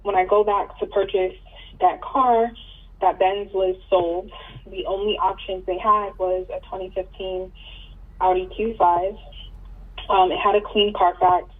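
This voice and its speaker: A woman's voice: mid-range voice, fairly even intonation, measured pace, breathy edge. A woman calling in for advice, telling her story casually with fillers and restarts. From New York. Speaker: caller seeking advice. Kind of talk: casual phone conversation. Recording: tinny phone line, distant.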